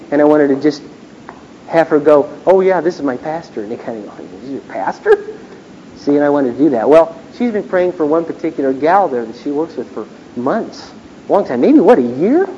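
A man's voice: on the high side, lively intonation, fast, mellow. Man preaching a storytelling sermon. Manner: conversational, storytelling, acts out dialogue. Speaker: pastor. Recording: dull lo-fi recording with faint noise.

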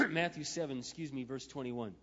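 A man preaching a sermon as a pastor, swinging between hushed, tender passages and loud, impassioned outbursts. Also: medium pitch, normal speed. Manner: emotional, swings from hushed to shouting. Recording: muffled, with a long hall echo.

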